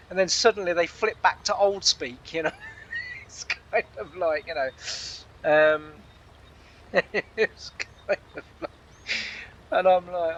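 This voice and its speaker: A man's voice: fairly high pitch, fairly bright tone, muffled recording, a little hiss or hum. A man hosting a gaming channel, chatting casually and rambling, laughing often. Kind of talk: casual chat over gameplay.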